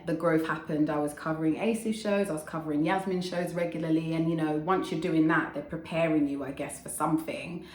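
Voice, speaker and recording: A woman, telling her story in a chatty, animated vlog as a radio DJ, swearing casually and making quick asides. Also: sits low, slight background noise. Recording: echoey room.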